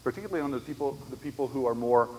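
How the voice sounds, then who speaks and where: A man's voice: mid-range voice, racing. A man giving a conversational church conference lecture on disability ministry, telling stories and checking in with the audience. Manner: conversational, storytelling with frequent "right?" asides. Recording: echoey hall, faint background noise.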